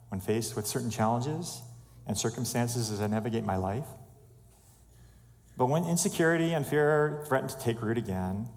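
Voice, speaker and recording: Man, church speaker, measured heartfelt testimony, mid-range voice, reverberant sanctuary. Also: medium pitch, darkish tone. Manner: earnest and measured, fighting back tears. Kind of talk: personal testimony sermon.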